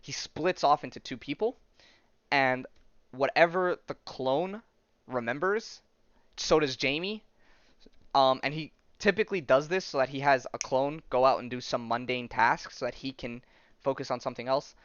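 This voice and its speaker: A man hosts a podcast and recaps a comic story in a loose, rambling way full of fillers. His voice is smooth and clear at an average pitch. The sound is dry with no room echo but a bit dull, like a modest home mic. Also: moderate pace, a bit bright. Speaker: podcast host. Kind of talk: casual comic-book recap.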